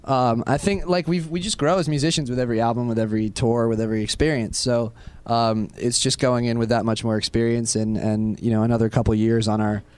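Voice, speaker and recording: Young man, twenties, band member, smooth voice, joking, laid-back, backstage. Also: medium pitch, fairly even intonation, a little fast, hardly any pauses, a little mellow. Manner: laid-back, laughs often, jokes with bandmates. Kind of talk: casual backstage interview. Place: backstage at a music venue.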